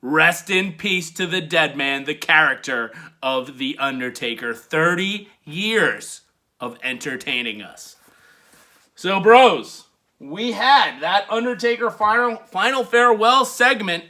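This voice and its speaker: A man's voice: high-pitched, expressive, slow, pushed and bright. A man hosting a podcast, giving a laid-back, chatty wrestling recap. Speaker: podcast host.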